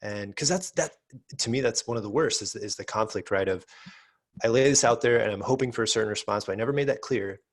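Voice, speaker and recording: A man's voice: lowish voice, quick pace. A man hosting a podcast interview, responding appreciatively and thinking aloud. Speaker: podcast host.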